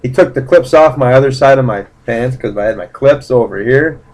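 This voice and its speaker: A man's voice: mid-range voice, fairly quick, darkish tone, poor audio. A man casually recounting a personal story in a blunt, profane way, rambling with fillers and restarts. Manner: blunt, profane, indignant retelling. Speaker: vlogger.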